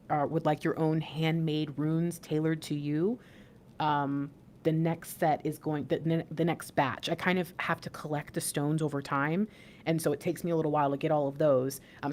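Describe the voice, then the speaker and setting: Low-voiced woman giving a spiritual reading. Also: darkish tone, a little hiss or hum. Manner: rambling, reassuring, with fillers and restarts. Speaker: intuitive reader and channel host. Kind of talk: casual spiritual reading sign-off.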